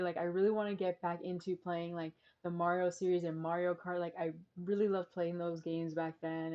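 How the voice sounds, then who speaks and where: A woman's voice: mid-range voice, darkish tone, lo-fi sound. A woman vlogger giving casual reaction commentary, chatty and full of "like" and "um" fillers.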